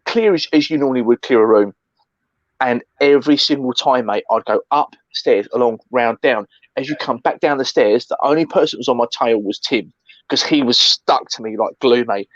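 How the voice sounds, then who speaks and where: A man co-hosting a casual chat, telling stories with animated energy, acting out other people and swearing freely. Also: mid-range voice, normal speed, no echo, muffled recording. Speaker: co-host.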